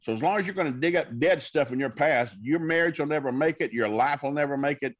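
A fairly high male voice moves at a fast clip. The speaker, a minister on a talk show, tells folksy, preachy stories and acts out the dialogue of the people in them.

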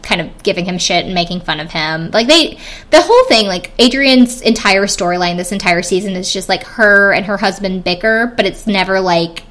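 A woman's voice: medium pitch, a bit bright. A young woman talks casually, recapping an episode in a chatty way. She piles on filler words and asides and gives her own opinions freely. Her voice sits in an ordinary middle range. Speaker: podcast host recapping a reality show. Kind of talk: casual chat.

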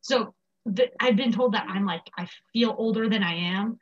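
A woman's voice: mid-range voice, moderate pace, noisy background. A teenage American girl chatting casually, rambling and restarting her sentences often. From United States. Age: teens. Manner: rambling, many restarts and fillers. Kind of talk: casual chat. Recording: dull lo-fi sound.

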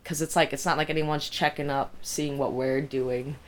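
A woman's voice: deep voice, steady tone, moderate pace, a little hiss or hum. A young woman co-hosting a podcast, chatting loosely, joking and swearing casually. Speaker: podcast co-host. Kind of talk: casual chat.

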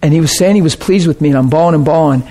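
A middle-aged man preaching a heartfelt testimony, his voice sitting a little high for a man. He tells his story with deep feeling, dropping to near-whispers and then rising sharply. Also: very fast. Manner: emotional storytelling with swings from soft to loud. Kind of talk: sermon testimony.

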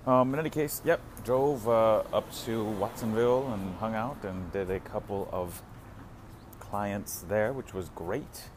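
A man's voice: on the low side, a little slow, background noise. A man talking casually to the camera from his parked car, rambling with lots of fillers and chuckling asides. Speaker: vlogger.

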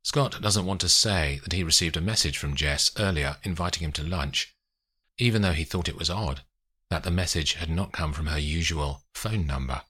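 A man narrating an audiobook with expressive storytelling. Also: a bass voice, moderate pace, husky.

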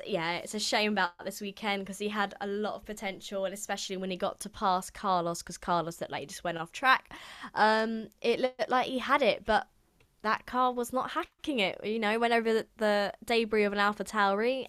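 A woman's voice: medium pitch, moderate pace, sharp tone, clean tone. Bubbly young woman co-hosting a podcast. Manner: bubbly, filler-heavy, laughs often. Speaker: podcast co-host. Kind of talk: casual chat.

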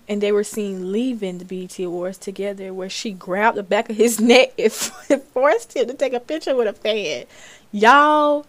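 A woman's voice: medium pitch, a little mellow. A young woman from Florida hosting a podcast, chatting casually about celebrity news, reading articles aloud and reacting. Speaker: podcast host. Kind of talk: casual commentary.

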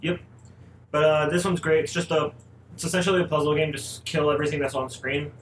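A man's voice: fairly high pitch, steady tone, fairly quick, a bit bright, slight background noise. A man on a casual podcast, laid-back and hesitant with fillers. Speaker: podcast guest. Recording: echoey room.

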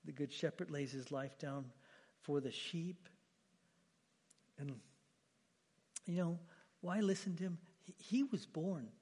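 A man preaching a sermon as pastor, emphatic, repeating his words and swinging between loud, lifted phrases and quiet, low ones. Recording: long hall reverb.

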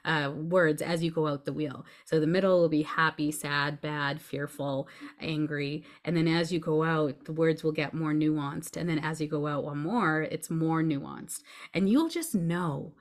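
A woman's voice: sits low, a little slow. A woman guest on a podcast, explaining emotions earnestly and reassuringly, often checking in with her listener. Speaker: podcast guest, grief coach. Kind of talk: conversational explaining.

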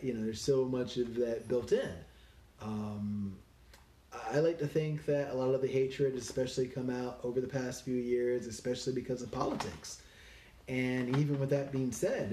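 A man's voice: mid-range voice, mellow, far from the mic, a little hiss or hum. Rambling man, echoey and off-mic. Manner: rambling, many "um" and "you know" fillers. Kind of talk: casual personal reflection. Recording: roomy echo, a bit off-mic.

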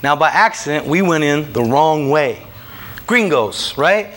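Male storyteller, lively and laughing, slightly raised voice, comic road-trip yarn. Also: on the high side, measured pace, slight background noise. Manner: animated, laughing asides, acts out voices. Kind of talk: comic travel anecdote told live.

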